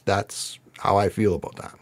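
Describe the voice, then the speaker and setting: A man's voice: fairly low pitch, level tone, normal speed. Earnest, emotional man reacting to lyrics. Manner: earnest, emotional and spiritual, with frequent laughs. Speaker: vlogger reacting to song lyrics. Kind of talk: heartfelt lyric reaction commentary. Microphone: camera.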